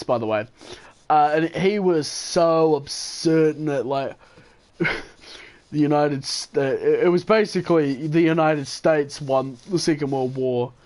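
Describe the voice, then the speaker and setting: Rambling New gamer, fairly high voice. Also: male voice, darkish tone. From New Zealand. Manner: rambling, chuckling, self-correcting. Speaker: gaming channel host. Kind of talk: casual storytelling gameplay commentary.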